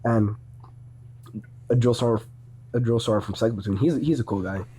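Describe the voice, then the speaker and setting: A man's voice: medium pitch, a little fast, dark tone, slightly rough. A young man, a podcast guest, telling casual stories in a rambling way, with many restarts and a lot of swearing. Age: young adult. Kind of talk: casual storytelling.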